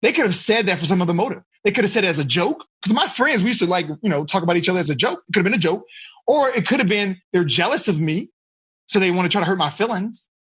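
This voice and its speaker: A man teaching teenagers as a life coach, animated and teasing, calling on listeners by name. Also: high-pitched, quick pace, husky. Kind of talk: interactive coaching talk to teenagers.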